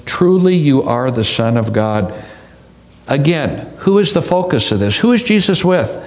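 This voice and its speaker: A man preaching a sermon, reading scripture aloud and expanding on it with deliberate pauses and repetition. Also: on the high side.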